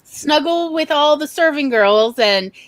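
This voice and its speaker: A woman's voice: sits high, a little slow, no echo. A woman chatting casually on a stream, playful and giggly as she tells anecdotes. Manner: playful, giggly, lively storyteller. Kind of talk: casual chat on a writing stream.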